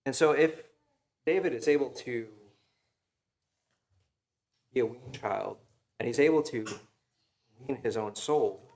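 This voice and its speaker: A young man preaches in a relaxed, conversational way, leaning on fillers and quick check-ins with his listeners. His voice sits at an ordinary middle pitch. He delivers a church sermon. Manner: casual, storytelling, frequent fillers and "right?". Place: church sanctuary.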